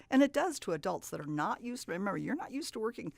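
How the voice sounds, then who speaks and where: A woman's voice: mid-range voice, sing-song, fast talker, gravelly, few pauses, no room sound. A woman teaching reading, who explains patiently and stretches out words to model the sounds. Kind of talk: instructional talk.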